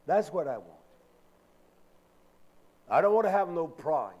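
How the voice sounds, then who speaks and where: A man's voice: on the high side, very animated, measured pace, long pauses, a little mellow, dull audio. A male preacher giving an impassioned Sabbath sermon, emphatic and full of filler sounds as he drives his points home.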